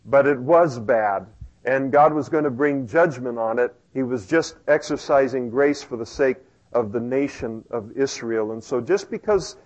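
A male pastor preaches in a church with a relaxed, conversational delivery. He drops into self-deprecating asides and fillers. The recording sounds slightly muffled and dull. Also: mid-range voice, unhurried. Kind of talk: sermon.

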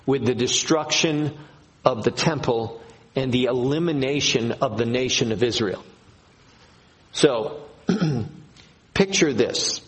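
Slow, emphatic male preacher. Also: mid-range voice, rough recording. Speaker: pastor. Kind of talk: sermon.

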